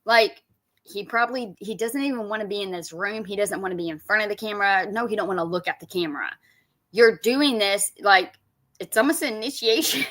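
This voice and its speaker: Bright-voiced woman, sarcastic reaction commentary. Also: medium pitch, a little fast. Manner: sarcastic, blunt, mocking asides.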